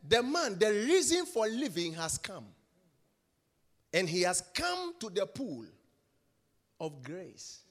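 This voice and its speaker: Male preacher, high bright voice, slow deliberate delivery, emphatic and repetitive. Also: in a large hall. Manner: emphatic, repeats phrases, swings from shouts to hushed whispers. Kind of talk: sermon.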